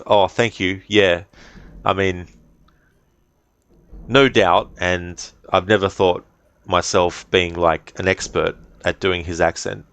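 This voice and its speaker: A man's voice: sits low, a bit bright, no echo. An Australian man chatting casually and rambling in a friendly way with viewers as a game streamer. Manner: rambling, friendly chat with fillers. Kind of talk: casual live-stream chat.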